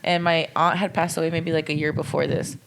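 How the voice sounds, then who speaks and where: Woman, low voice, gravelly texture, casual podcast chat, storytelling, swears casually. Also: level tone, a little fast, noisy background. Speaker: podcast co-host.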